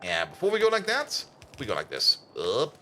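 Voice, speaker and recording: A man's voice: a little high, huge pitch swings, normal speed, pushed and bright, faint music behind. A young man, a native German speaker with a German accent, chatting casually with his viewers while playing a game on a live stream. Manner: chatty, answers chat, hums and laughs while playing.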